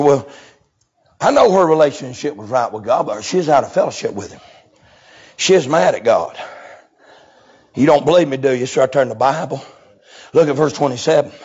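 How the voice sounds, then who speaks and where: A man preaching a revival sermon, swinging from low murmurs to hoarse, sing-song shouting. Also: lo-fi sound.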